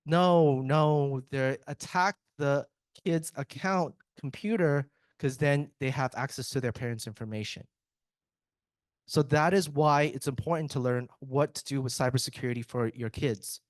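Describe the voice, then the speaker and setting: A man's voice: on the high side, normal speed, no room sound. A man in IT giving a casual, joking conference presentation, chatty and often breaking off mid-sentence to restart. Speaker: IT speaker at a tech summit.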